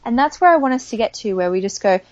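A woman talking as a money coach in a casual chat, telling lively stories and acting out the voices of the people in them. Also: a little high, fast talker, no echo, highs cut off, faint music behind. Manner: animated storyteller, acts out quoted voices. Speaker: money coach, podcast guest.

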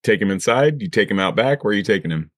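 A man's voice: fairly low pitch, animated, fast talker, dry recording, studio quality. A man running a tabletop role-playing game, asking players questions and narrating in a laid-back way. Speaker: game master.

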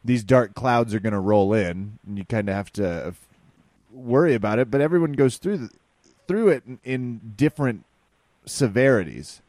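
A man's voice: mid-range voice, moderate pace, dry recording. A man co-hosting a podcast in casual chat, joking and laughing often. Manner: laughs often, relaxed banter. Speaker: podcast co-host.

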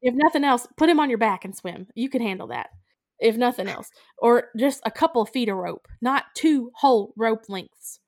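Podcast co-host, woman, animated chatty recap, slightly high pitch. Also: normal speed, no echo, clean studio sound. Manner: animated, acts out characters' lines in quotes. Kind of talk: casual movie recap chat.

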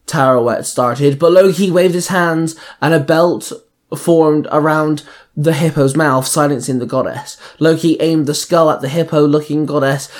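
A man reading an audio fiction story aloud in a measured storytelling manner. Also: a little high. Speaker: narrator.

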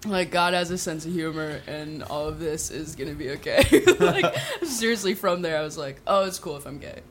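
A woman's voice: low voice, moderate pace, a crowd in the background. A woman telling a funny personal story to a small group, laughing often and saying "like" a lot. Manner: giggly, peppered with "like", lively asides. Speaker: guest storyteller.

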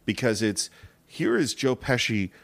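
A man's voice: medium pitch, measured pace, creaky. A man co-hosting a podcast, telling film stories in casual talk and acting out the quotes. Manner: animated storyteller, acts out quotes. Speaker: podcast co-host.

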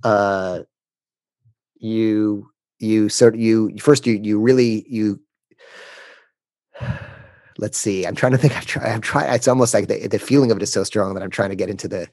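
A man speaking as a podcast guest, telling a candid story in a halting way, often restarting sentences and emotional at times. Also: on the low side, steady tone, darkish tone, no room sound.

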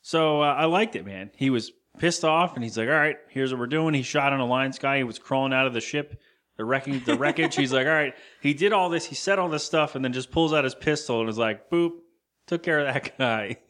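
A man co-hosting a podcast, recapping a film in loose, casual chat with quick quoted lines and some swearing. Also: mid-range voice, a bit bright. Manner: loose and profane, retells scenes with quoted lines. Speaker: podcast co-host.

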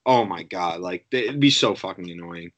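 A man's voice: low-pitched, expressive, normal speed, fairly bright tone. A young man in a casual chat with friends, swearing often and trailing off mid-sentence.

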